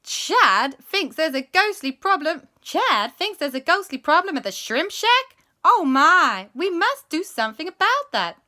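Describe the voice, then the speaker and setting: A high, excitable female ghost hunter, as a woman puts her on, reacting in breathless bursts. Her voice jumps high and bright, swooping widely. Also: unhurried, full character voice. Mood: alarmed.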